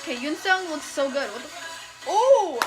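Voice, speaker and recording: A young woman hosts a music video reaction, gushing, squealing and laughing as she watches in excitable commentary. Her voice sits high with big pitch swings and a slightly slow pace, and the recording is rough. Faint music from the video plays in the background.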